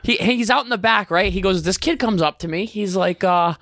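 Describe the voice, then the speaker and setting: New england guy telling crude stories on a podcast, high bright voice, dry close sound. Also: brisk, no room sound. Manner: animated, acts out voices in stories. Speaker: podcast co-host, barber. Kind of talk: casual crude storytelling.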